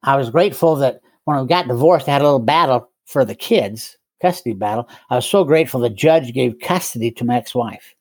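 A man's voice: medium pitch, lively intonation, a little fast, no room sound. Older man telling a wry story. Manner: wry, self-mocking humor with frequent chuckles. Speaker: guest sharing recovery story. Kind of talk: conversational storytelling.

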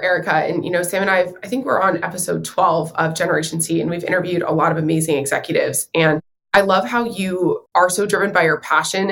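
A woman's voice: on the low side, a bit bright. A woman co-hosting a podcast, asking questions in an enthusiastic, complimentary way. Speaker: podcast co-host. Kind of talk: interview questions.

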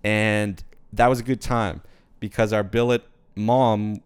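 A man's voice: on the low side, fairly even intonation, slow pace, smooth, no room sound. A man in his twenties, a podcast guest, telling rambling stories in casual chat with lots of fillers. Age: 20s. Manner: rambling storytelling, many fillers.

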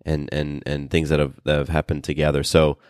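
A man's voice: completely flat delivery, a little mellow, no room sound, studio quality. A man co-hosting a podcast in casual, earnest chat, often restarting his sentences and reading a listener email aloud. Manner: earnest, speaks in halting restarts; calls his own voice bassy today. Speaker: podcast co-host.

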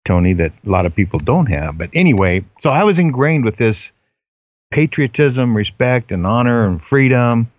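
A man's voice: medium pitch, sing-song, moderate pace, lo-fi sound. Older man telling earnest stories. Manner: earnest storytelling, hesitant fillers. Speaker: guest. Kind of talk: casual chat.

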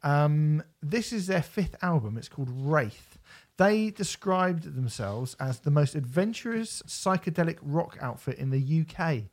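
A man co-hosting a music podcast in relaxed casual chat, with hesitant fillers. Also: fairly high pitch, measured pace, few pauses.

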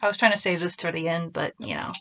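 A woman's voice: on the low side, rapid-fire, creaky, a bit bright. Chatty woman rambling on her podcast. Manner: chatty, rambling, self-deprecating. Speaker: podcast host. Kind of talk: casual solo podcast chat. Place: small closet at home. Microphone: phone and computer.

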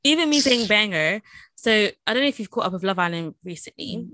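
A woman's voice: medium pitch, lively intonation, a little fast, sharp tone, no echo. A British woman co-hosting a podcast in casual chat, talking loosely with lots of "like" and frequent laughter. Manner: chatty, lots of "like", laughs often. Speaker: podcast co-host.

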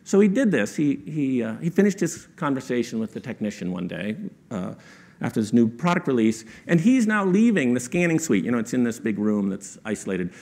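A man's voice: medium pitch, very animated, fairly quick, a little mellow. A man telling a story to an audience as a guest speaker. He talks in a conversational way, often adds "right?", and raises his voice to quote people. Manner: conversational with frequent rhetorical "right?".

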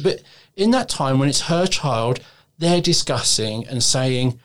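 A man hosting a podcast conversation, calm, earnest and plain-spoken. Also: on the high side, a little slow. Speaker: podcast host.

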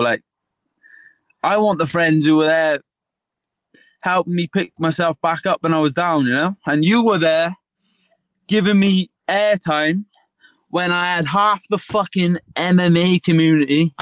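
A man speaks with fired-up, emphatic intensity, pushing hard and swearing freely. His voice sits fairly high, and the sound is dry and a little muffled. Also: a little slow, no room sound. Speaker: MMA fighter, guest. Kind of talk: passionate interview talk.

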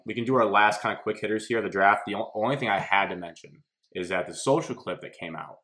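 Casual male sports podcast host, slightly low voice, lively storyteller. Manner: animated storytelling, laughs while talking.

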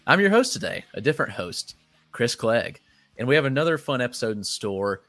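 A man with a Southern US accent hosting a podcast, running through the show's housekeeping in a brisk, upbeat way. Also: mid-range voice, big pitch swings, fairly bright tone, dry recording, soft background music. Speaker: podcast host. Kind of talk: casual chat.

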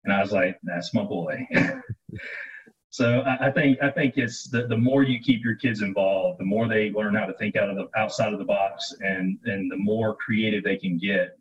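A man's voice: fairly low pitch, fairly even intonation, normal speed. Distant, dull-sounding man telling a family story. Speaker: panelist. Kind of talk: round table discussion.

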